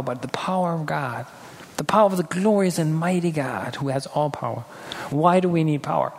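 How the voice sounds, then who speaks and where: A man's voice: fairly high pitch, vocal fry. A man preaching a sermon earnestly, acting out quoted people now and then, in a church hall. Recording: hall reverb with faint ambience.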